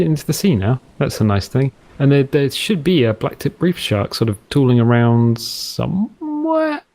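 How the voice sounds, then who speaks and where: A British man talks over his gameplay in a loose, joking ramble, now and then dropping into a silly pirate voice. His voice is a little husky, and his pitch swings lively up and down. He speaks into a headset. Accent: English. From Britain. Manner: rambling, playful, slips into mock pirate talk. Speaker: gameplay commentator. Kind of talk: casual let's-play commentary.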